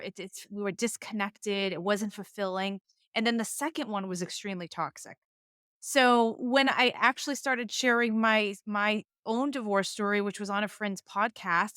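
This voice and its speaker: A woman's voice: mid-range voice, fairly bright tone, dry recording. Woman, middle-aged, Boston accent, divorce attorney, candid, resonant tone, dry recording. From Boston area, US. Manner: candid, reflective storytelling. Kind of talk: podcast conversation.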